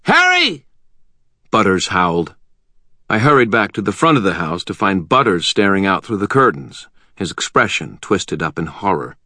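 Deep male narrator, dry close sound, measured first-person audiobook reading. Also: lively intonation, pushed and bright, dry recording.

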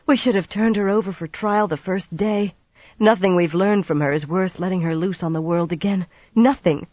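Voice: mid-range voice, normal speed, darkish tone, no echo, natural voice. Impish, seductive woman, put on by an audiobook narrator; slightly lo-fi. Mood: shocked. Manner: breathy, impish. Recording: slightly dull lo-fi recording.

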